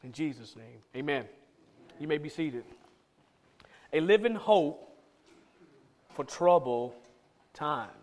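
A man's voice: fairly high pitch, lively intonation, slow pace, pauses often, darkish tone. A man preaching a sermon in a church, talking with emphasis and repeating key lines for stress.

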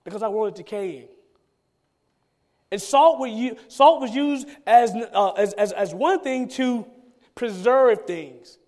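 A man's voice: high-pitched, slow, darkish tone. A man, a pastor, preaching a sermon with emphatic repetition and rhetorical questions.

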